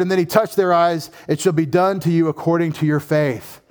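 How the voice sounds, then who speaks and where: A fairly high-voiced man preaches through a scripture passage with animated energy. He slips into playful asides and quick acted-out voices for the people in the story. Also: clean tone. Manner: animated, humorous asides and lively quoted voices. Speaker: pastor. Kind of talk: sermon.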